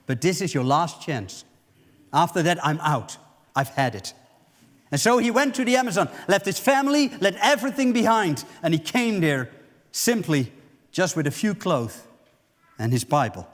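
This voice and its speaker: Preaching a sermon in church, a man with a high voice vividly recounts a story, slipping into the voices of the people in it. A long reverb carries his words through the sanctuary.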